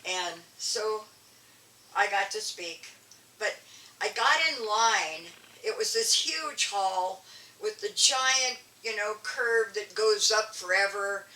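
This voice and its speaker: An older woman, a guest elder and artist, telling animated stories in an interview with frequent restarts. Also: medium pitch, slow pace. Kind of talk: storytelling interview. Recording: echoey room, distant mic, faint ambience.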